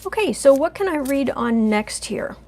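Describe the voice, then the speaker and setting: This tarot reader hosts her own channel and talks in a loose, wandering way during a live stream, stopping to murmur gently to her cat. She speaks at a normal speed in a high, expressive voice.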